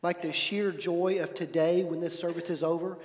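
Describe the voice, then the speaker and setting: Male pastor with a high voice, storytelling sermon, shifts loud to hushed, echoey hall. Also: flat delivery, moderate pace.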